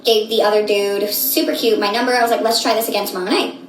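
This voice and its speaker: A woman in her late twenties telling a story casually, animated and slangy, acting out what people said. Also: medium pitch, quick pace, reverberant, rough recording. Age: late 20s. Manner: animated, slangy, acts out quotes.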